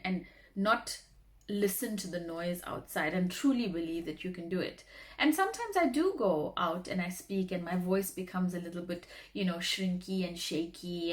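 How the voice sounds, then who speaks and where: A woman, a former radio talk show host, giving earnest, encouraging advice in a motivational vlog, often repeating words for emphasis. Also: fairly low pitch.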